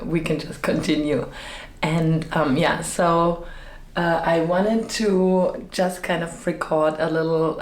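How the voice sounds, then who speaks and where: A woman who designs web themes, talking in a rambling, chatty vlog style with lots of fillers, her voice a little off after being sick. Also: low voice. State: voice slightly off after illness. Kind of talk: casual vlog chat. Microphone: microphone with fluffy windscreen. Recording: echoey room.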